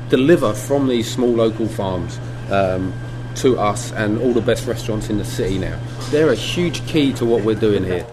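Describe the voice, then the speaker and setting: A middle-aged man from England, a butcher shop owner talking in a documentary interview, relaxed and reflective with many ums and restarts. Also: on the low side, normal speed, few pauses, a crowd in the background. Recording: air conditioning hum behind.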